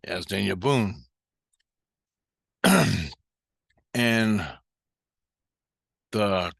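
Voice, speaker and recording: Bright-voiced man telling a rambling story. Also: on the low side, dry recording, clean studio sound. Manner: rambling and heavily profane. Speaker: vlogger recounting dreams. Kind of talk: casual storytelling monologue.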